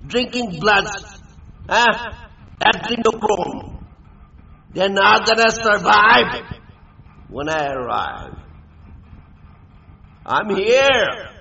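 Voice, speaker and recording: Man on an erratic shouting rant, high gravelly voice, slow delivery, dull lo-fi sound. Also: animated. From India. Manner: shouting, threatening, erratic pitch jumps. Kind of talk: angry rant. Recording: dull lo-fi recording.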